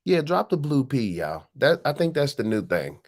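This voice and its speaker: A man hosting a casual, profane chat, animated and quick to burst into laughter. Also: medium pitch. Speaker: host. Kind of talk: casual chat with a rapped verse.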